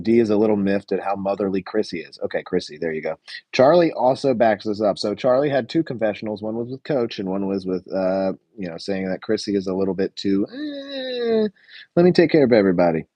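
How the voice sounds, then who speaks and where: A man's voice: fairly low pitch, dark tone, dry recording. A young man hosting a live show review stream, chatting casually with lots of fillers and answering his chat. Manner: rambling, many fillers, reads live chat.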